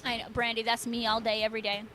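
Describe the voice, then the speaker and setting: Bubbly high-voiced woman streamer. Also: monotone, quick pace, fairly bright tone, faint music behind. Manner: bubbly, gushing, reads viewer names aloud. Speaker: streamer reading chat. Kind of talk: casual livestream chat.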